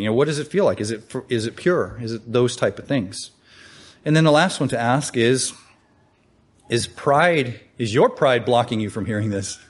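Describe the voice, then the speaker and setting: A man teaching from the Bible in a conversational way, asking rhetorical questions and reading scripture aloud. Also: medium pitch.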